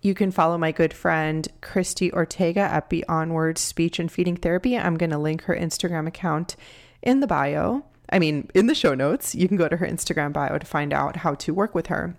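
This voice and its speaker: A woman in her thirties with a low voice hosts a solo podcast. She speaks to her listeners as a nutrition coach, earnest and heartfelt, offering encouragement. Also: normal speed.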